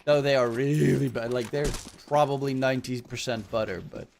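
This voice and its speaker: A man casting a shooter match by himself, his voice sitting at a middle pitch. He drifts into rambling chat during quiet stretches and turns loud for the action. Faint game gunfire and clicks sit behind him. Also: fairly even intonation, moderate pace, creaky, slight background noise. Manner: rambling and chatty between hype calls. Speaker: esports caster. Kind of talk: solo casting commentary.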